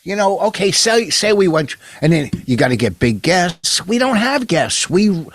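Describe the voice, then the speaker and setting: An older man co-hosting a casual comedy podcast, brash and profane, quick to grumble and swear. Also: high-pitched, big pitch swings. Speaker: podcast co-host. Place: home podcast studio.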